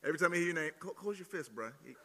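A man's voice: fairly high pitch, rapid-fire, a little hiss or hum. A male pastor with a Southern accent, preaching playfully and teasing the crowd during an audience demo. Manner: jokey, teasing, energetic with crowd. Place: large hall at student gathering. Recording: long hall reverb.

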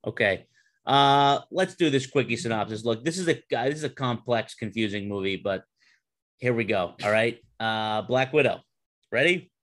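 A man hosting a casual podcast chat, animated and quick to laugh as he prods his co-hosts. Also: medium pitch. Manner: animated, laughs often, eager prodding. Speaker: podcast host.

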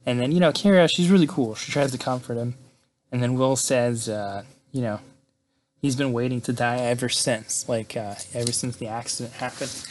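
A man in casual conversation, recounting a story in a loose, chatty way. He swears freely and keeps checking in with "right?". His voice sits at an ordinary middle pitch. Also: moderate pace, a little mellow, a little hiss or hum. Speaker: podcast host recapping a film. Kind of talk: casual retelling.

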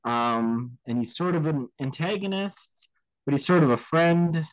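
A man co-hosting a podcast, talking casually about films in an animated way and often checking in with his listener. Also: a little high, measured pace, no room sound, rough recording. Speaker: podcast co-host. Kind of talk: casual film discussion.

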